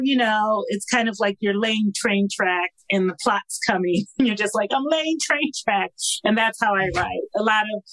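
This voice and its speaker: A woman's voice: medium pitch, a bit bright, no echo, low-quality recording. Chatty woman author guest, laughs often, dry close sound. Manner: chatty, laughing, many fillers. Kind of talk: casual podcast interview.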